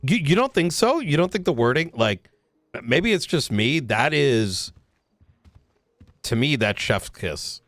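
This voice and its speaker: A man talking in character during a roleplay game, hesitant and full of pauses and ums. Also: mid-range voice, sing-song, fairly bright tone, dry recording. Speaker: roleplay player.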